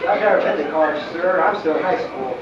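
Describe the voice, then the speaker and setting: A man's voice: a little high, quick pace, heavy background noise, lightly acted. A young man playing a meek polite young man. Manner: meek and polite, says "sir". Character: shy young man with fits, almost twenty. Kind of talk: amateur stage play. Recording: distant muffled echoey stage recording.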